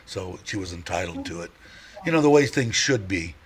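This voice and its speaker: A man's voice: low voice, animated, moderate pace, a little hiss or hum. Rambling, chuckling livestream host man. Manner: rambling and chatty, laughs often, many fillers and restarts. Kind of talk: casual livestream chat.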